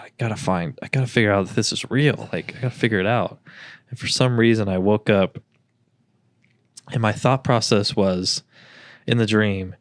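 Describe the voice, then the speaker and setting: Rambling young man, low dry voice. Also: dry recording. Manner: rambling storyteller, acts out quotes with a raised voice. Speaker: podcast co-host. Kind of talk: casual chat.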